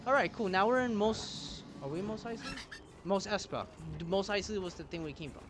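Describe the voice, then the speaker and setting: A man's voice: high voice, brisk, background noise. A man giving exasperated, self-mocking gameplay commentary, mixed with his own put-on voices for game characters. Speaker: gaming YouTuber. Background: game music.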